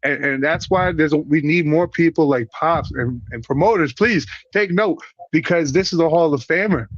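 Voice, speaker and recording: Brief: man from Puerto Rico, wrestler guest, animated and profane storyteller, somewhat high voice, dull dry lo-fi audio. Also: normal speed, dry recording. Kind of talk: casual interview chat.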